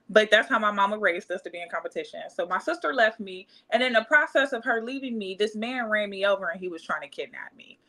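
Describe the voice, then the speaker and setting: Young woman from Cleveland, bright tone, casual and animated storyteller. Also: medium pitch, poor audio. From Cleveland, Ohio. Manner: animated, acts out quotes, laughs often. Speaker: podcast guest.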